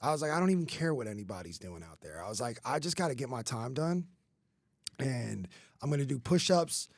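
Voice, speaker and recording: A man's voice: mid-range voice, lively intonation, brisk, dry recording, clean studio sound. A man in his thirties telling his life story on a podcast, casual and rambling, with many fillers and swearing. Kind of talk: candid conversational storytelling.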